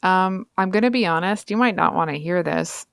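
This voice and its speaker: A woman's voice: lowish voice, moderate pace, creaky, fairly bright tone, clean tone, no room sound, clean studio sound. A woman giving a casual, frank tarot reading straight to her viewers, chatty and full of asides. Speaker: tarot reader.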